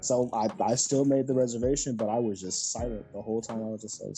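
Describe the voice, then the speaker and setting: Animated podcast co-host telling stories. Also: medium pitch, brisk, soft background music. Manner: animated storyteller acting out callers. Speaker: former call center agent. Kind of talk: casual chat, storytelling.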